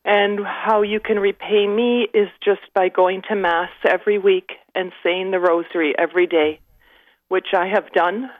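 A woman in her fifties calling in from Canada, telling her story with many pauses and fillers. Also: medium pitch, steady tone, dry recording, phone-quality sound. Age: 50s. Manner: halting, many fillers, emotional at times. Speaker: caller. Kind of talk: call-in testimony.

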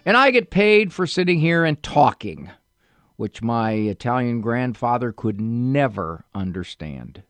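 A man's voice: medium pitch, very animated, unhurried, a bit bright, no echo. Male radio psychologist, chatty and joking at himself, studio mic, dry sound. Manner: chatty, anecdotal, self-deprecating humor. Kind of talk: casual radio talk.

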